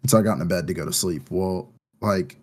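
A man's voice: low voice, fast talker. A man co-hosting a podcast in casual chat, talking in a loose, rambling way full of fillers, anxious about his first baby. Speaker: podcast co-host.

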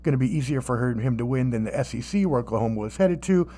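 A man hosting a podcast in casual sports chat, animated and profane, with mocking asides. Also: medium pitch, fast talker. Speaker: podcast host.

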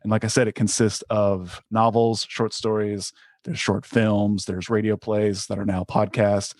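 A man's voice: fairly low pitch, level tone, measured pace, darkish tone, dry recording, studio quality. A man, an author, chatting as a guest on a podcast, earnest and appreciative, eager to explain his work. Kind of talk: casual podcast chat.

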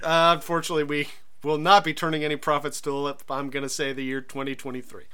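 A man co-hosting a podcast in casual comedic chat, cracking jokes and quick asides. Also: a little high, flat delivery, pushed and bright, smooth. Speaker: podcast co-host.

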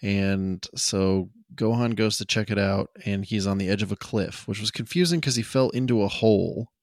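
Young guy with a gravelly voice rambling through a show recap, dry close sound. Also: on the low side, moderate pace, dry recording. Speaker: podcast co-host. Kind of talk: casual chat.

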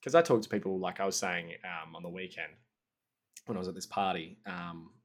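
A man's voice: sits low, fairly quick. A man hosting a casual podcast interview. He rambles through lots of fillers and teases his guest playfully. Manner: rambling, heavy on fillers like "like" and "you know"; playful teasing. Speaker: podcast host.

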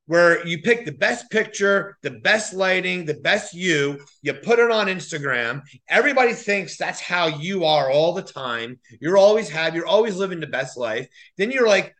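Man in his thirties, podcast host, bright sharp voice, fairly high, blunt and profane. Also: expressive, normal speed, hardly any pauses. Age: 30s. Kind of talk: casual podcast conversation.

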